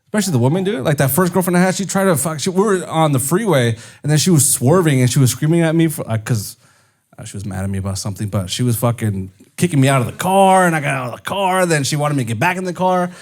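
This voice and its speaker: A young man, a podcast co-host, telling a story on a live comedy show and shouting out the lines he quotes. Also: a little high, fast.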